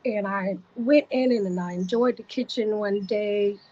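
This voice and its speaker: A woman's voice: mid-range voice, unhurried, dark tone, lo-fi sound. A woman vlogger telling a personal story to the camera, vivid and repetitive in her retelling.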